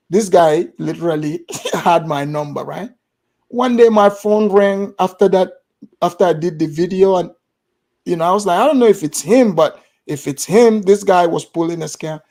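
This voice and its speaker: A man from Gambia with a Gambian accent, telling an animated story in casual chat and acting out the voices of others. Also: high voice. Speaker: guest storyteller.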